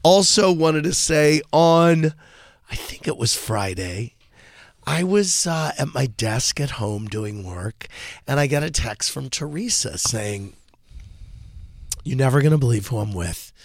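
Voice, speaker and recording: A middle-aged man hosts a casual gossip chat, rambling through stories with plenty of ums and asides. His voice sits a bit high for a man and has a gravelly fry at the ends of phrases. The sound is close and dry. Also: expressive, takes it slowly, no echo. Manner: chatty, gossipy storytelling with frequent fillers. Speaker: podcast host.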